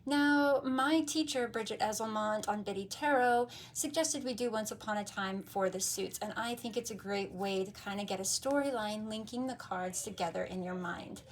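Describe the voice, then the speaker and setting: A woman's voice: medium pitch, normal speed, hardly any pauses, slight background noise. A woman hosting a tarot video, telling a story in a casual, playful and goofy way that is full of laughs.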